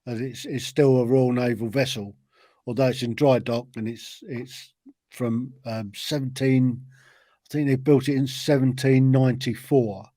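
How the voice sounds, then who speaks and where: A man's voice: mid-range voice, steady tone, measured pace, mellow, dry recording. A man with a British accent chatting casually on a live stream and joking around. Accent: British English. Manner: jokey, slips into comic put-on accents.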